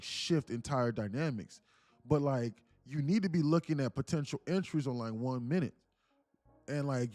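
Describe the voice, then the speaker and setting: A man live-streaming futures trades, talking fast and loose with lots of fillers as he explains charts. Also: mid-range voice, no echo. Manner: rambling, heavy use of "like", animated. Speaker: day trading streamer. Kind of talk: live trading stream talk.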